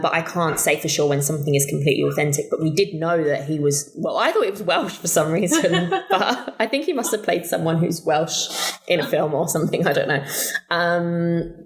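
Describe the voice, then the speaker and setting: A woman's voice: low-pitched, poor audio. A woman co-hosting a podcast, chatting casually about a film, hesitant with frequent fillers and restarts. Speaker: podcast co-host. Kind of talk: casual chat.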